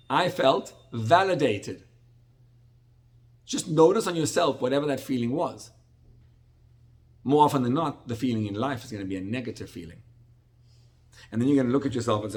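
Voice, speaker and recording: A middle-aged man teaches a Torah lesson in a loose, talky sermon style. His voice sits at an ordinary middle pitch. He circles back and restarts phrases, and he slips into acted-out bits of everyday dialogue. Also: lively intonation, measured pace, pauses often. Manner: conversational, repetitive restarts, acts out salesman dialogue. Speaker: rabbi.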